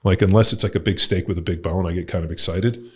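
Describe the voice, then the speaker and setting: With a deep, husky voice and a steady tone, a middle-aged podcast host and coach talks fast. The conversation is casual and rambling, studded with fillers and outright swearing.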